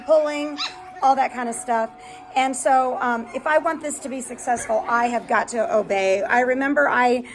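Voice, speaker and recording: A woman's voice: high-pitched, low-quality recording. A woman dog breeder chatting casually on a vlog, rambling with lots of fillers and cooing at her puppies. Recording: music playing behind. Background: background music, puppies.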